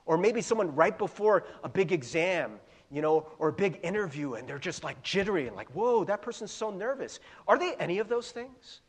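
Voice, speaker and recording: Chatty higher-voiced pastor in a reverberant hall. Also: male voice, sing-song, a little fast, hardly any pauses, husky. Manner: chatty, self-deprecating, with fillers and asides. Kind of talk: casual sermon. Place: church sanctuary.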